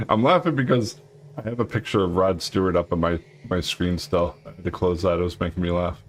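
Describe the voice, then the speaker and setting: A man giving relaxed, casual commentary as he plays a factory-building game, thinking aloud while he builds. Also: low voice, fairly quick, slight background noise. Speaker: streamer.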